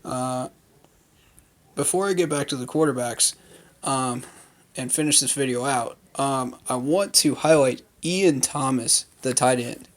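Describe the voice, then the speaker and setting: This fan commentator speaks at an unhurried pace in a mid-range voice. He's recapping a training day unscripted for a casual vlog, rambling with plenty of fillers and voicing strong opinions.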